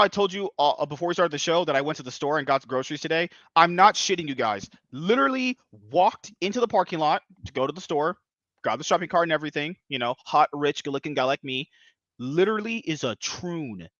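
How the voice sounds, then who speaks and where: Animated, bright-voiced male podcast host. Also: fairly high pitch, dry recording, dull audio. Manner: rambling, provocative, laughs a lot. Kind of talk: casual podcast chat.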